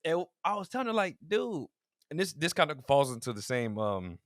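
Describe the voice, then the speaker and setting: Guy cohosting a podcast, lively voice jumping all over, dry close mic, chatty and animated. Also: fairly high pitch, fairly quick, no room sound. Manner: animated storytelling, acts out quotes, laughs often. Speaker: podcast co-host. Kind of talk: casual chat.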